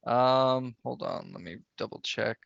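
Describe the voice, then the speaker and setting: A man playing a tabletop game, speaking in character in a formal, deadpan way, over a dull lo-fi mic. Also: medium pitch, unhurried, vocal fry, no room sound. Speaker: player. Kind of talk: in-character tabletop role-play.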